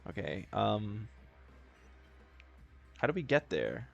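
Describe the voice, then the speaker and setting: A man's voice: lowish voice, big pitch swings, slow, gravelly, faint music behind. Laid-back man playing a game. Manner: laid-back, swears, laughs easily. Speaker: let's player. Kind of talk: casual gameplay commentary.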